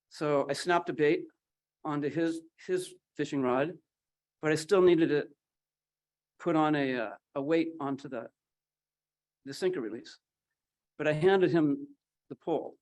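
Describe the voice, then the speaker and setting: Man, personal storyteller at a memorial, slightly high voice, acts out quoted lines. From Northern California. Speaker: memorial speaker. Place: memorial gathering.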